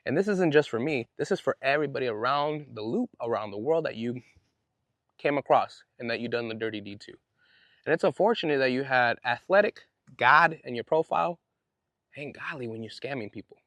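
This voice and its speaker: A man's voice: medium pitch, lively intonation, brisk, a bit bright, no room sound. A man hosting his own podcast, telling a story in an indignant, fired-up way with casual slang. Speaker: podcast host. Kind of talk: solo podcast monologue.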